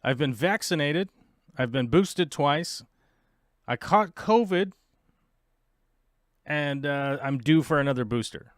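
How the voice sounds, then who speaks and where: Man, casual host chat, rambling, self-mocking, smooth clear voice, dry close sound. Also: medium pitch, unhurried, no echo. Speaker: podcast host.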